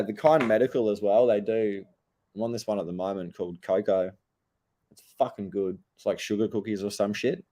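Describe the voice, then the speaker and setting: A man's voice: lowish voice, warm tone. A young Australian man chatting casually to his viewers, laid-back and slangy, swearing a lot as he tells stories. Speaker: vlogger.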